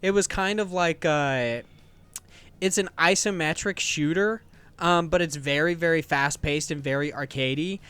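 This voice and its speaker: Podcast host guy, kinda high voice, smooth and clean, dry close mic, rambly excited chat. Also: unhurried. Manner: enthusiastic, rambling with restarts and laughs.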